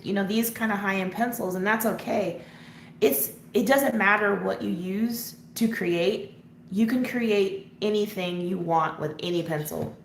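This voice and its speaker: Working through a live coloring session, a woman hosts a casual chat on her coloring channel, answering viewer comments and laughing often. Her creaky voice is medium in pitch, recorded in an echoey room with faint background noise.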